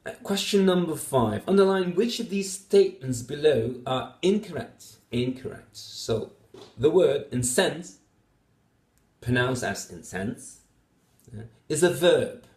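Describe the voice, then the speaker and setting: A man's voice: on the high side, animated, unhurried, darkish tone. A man with Dutch as his first language, explaining test answers as a phonetics teacher, methodical, with many fillers and repeated example words. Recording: echoey room.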